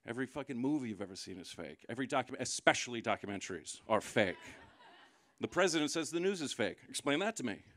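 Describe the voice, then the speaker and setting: A man performing a live stand-up set, sarcastic and building into loud mocking rants. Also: medium pitch, big pitch swings, fast talker. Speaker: stand-up comedian. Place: live comedy venue.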